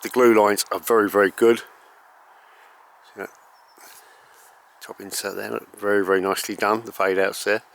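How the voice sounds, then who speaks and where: A man hosting an archery channel, talking casually and rambling with many ums and self-corrections while reviewing a bow outdoors in bright sun. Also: on the low side, little pitch movement, measured pace, creaky, long pauses. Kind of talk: casual unscripted gear review.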